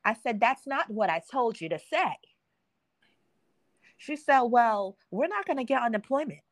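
Telling a story on her podcast, a young adult woman chats casually, voices the quotes herself, and laughs a lot. Her pitch is fairly high and her delivery animated, though her pace stays measured. There's no echo.

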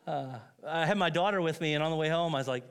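A man's voice: fairly high pitch, a bit bright, smooth. A middle-aged man preaching a sermon as pastor, telling stories with self-mocking humor and frequent laughs.

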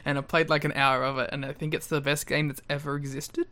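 A man's voice: a little high, level tone, fast talker, bright, forceful tone. A man co-hosting a podcast in casual chat, laid-back with short, easygoing answers. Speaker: podcast co-host.

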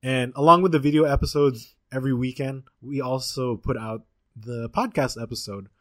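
A man's voice: medium pitch, steady tone, normal speed, no room sound, clean studio sound. A man co-hosting a casual podcast, rambling and restarting his sentences, with a Southern Californian accent. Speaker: podcast co-host. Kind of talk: casual chat.

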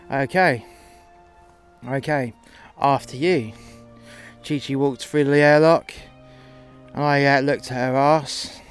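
A man narrating a first-person sci-fi story in a casual, sweary, rambling way. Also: medium pitch.

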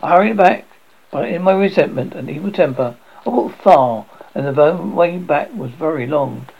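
A man with a gravelly, husky voice giving a theatrical reading of a classic horror story, stumbling and restarting now and then. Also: fairly high pitch, highs cut off.

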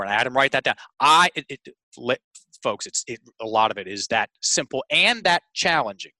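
A man coaching on sales and mindset tells emphatic stories during a conversational interview, often restarting and speaking to listeners as "folks." His mid-range voice is pushed and bright at a normal speed, with no room sound and poor audio.

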